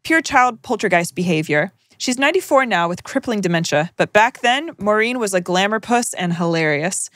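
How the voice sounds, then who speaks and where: Brief: young female podcast co-host, sardonic reader, mid-pitched, dry mic. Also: expressive, normal speed, few pauses, fairly bright tone, dry recording. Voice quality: wry, sardonic asides while reading. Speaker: podcast co-host reading listener stories. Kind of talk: casual chat, reading aloud.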